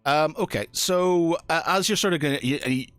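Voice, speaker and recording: A man's voice: on the high side, moderate pace, fairly bright tone, clean tone, dry recording, soft background music. A man narrating a tabletop game as game master, hesitant and full of fillers.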